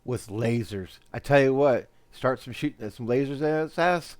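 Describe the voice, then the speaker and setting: A man's voice: mid-range voice, moderate pace, dry recording. Rambling man laughing as he talks. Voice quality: rambling, laughs often, repeats words. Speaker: host. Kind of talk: casual chat.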